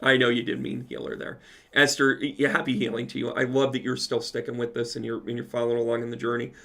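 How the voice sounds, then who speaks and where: Man, gravelly voice, mid pitch, casual livestream Q&A, chatty, reads viewer comments aloud. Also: monotone, quick pace, sharp tone. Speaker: medium answering live chat questions.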